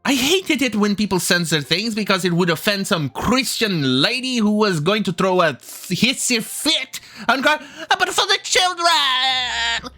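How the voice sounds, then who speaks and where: A man's voice: high-pitched, lively intonation, normal speed, few pauses, bright, forceful tone, soft background music. A man hosting a commentary video, ranting with heavy swearing and scorn, often stumbling and restarting his sentences. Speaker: commentary channel host.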